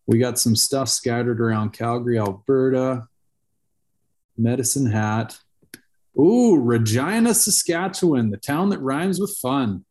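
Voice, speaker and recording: Dude on a podcast, swears a lot, rambles thru stories, warm low-key tone. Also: male voice, animated, unhurried. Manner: profane, rambling storyteller. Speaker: podcast co-host. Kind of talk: casual podcast chat.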